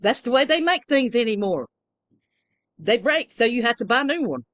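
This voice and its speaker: A woman's voice: fairly high pitch, big pitch swings, moderate pace, fairly bright tone, dry recording, voice pushed up. A woman doing a grumbling foreign trucker. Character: adult male foreign truck driver, grumbling.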